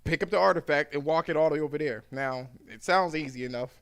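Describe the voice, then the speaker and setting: A man's voice: on the high side, fast, clean tone. A man hosting a podcast in loose, profane casual banter, telling stories. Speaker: podcast host.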